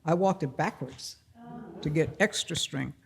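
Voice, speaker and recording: An older man tells a true story aloud at a library gathering, taking his time over each phrase. His voice is gravelly with a fairly high pitch for a man, and he slips into the voices of the people in his story. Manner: unhurried, plain-spoken, acts out the dialogue. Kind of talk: personal storytelling at a live event. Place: public library event room.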